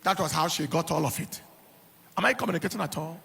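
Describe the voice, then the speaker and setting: This middle-aged man, a pastor, speaks fast with a fairly high pitch, some vocal fry, and a slightly bright, husky tone. Preaching, he shares personal stories, laughs, and stresses points by repeating words and phrases.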